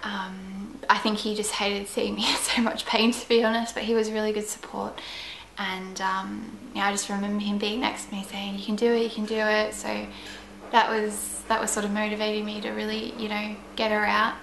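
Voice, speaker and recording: Flat, fry-edged young woman. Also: medium pitch, moderate pace. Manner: chatty, meandering, full of "like" and "you know". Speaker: vlogger. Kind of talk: casual personal storytelling. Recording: echoey room with faint ambient noise.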